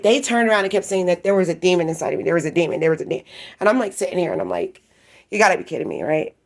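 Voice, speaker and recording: A woman's voice: fairly high pitch, a bit bright. A woman ranting in a casual, rambling monologue from her apartment, agitated and swearing often. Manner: agitated, profane, rambling rant. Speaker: vlogger.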